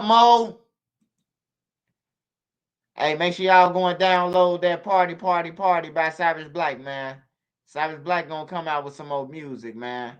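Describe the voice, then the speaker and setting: A man hosting a stream, telling stories in a slangy, animated way and repeating himself. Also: a little high, clean tone. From Chicago. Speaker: channel host on a livestream. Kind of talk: casual storytelling to viewers.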